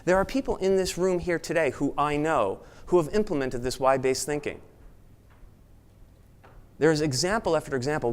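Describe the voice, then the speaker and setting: A man giving a motivational talk at a networking event, speaking with energy and now and then mimicking excited chatter in a raised voice. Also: a little high. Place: event room with an audience.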